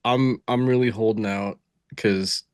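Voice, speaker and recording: Low-voiced man, dry close sound. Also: steady tone, unhurried, no echo. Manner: enthusiastic, swears casually. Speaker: podcast co-host. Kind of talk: casual wrestling review chat.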